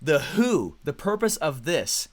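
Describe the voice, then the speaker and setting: A man's voice: fairly high pitch, slow pace. Upbeat young man coaching online members. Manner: animated, acts out excited and angry clients. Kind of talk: energetic coaching talk to members.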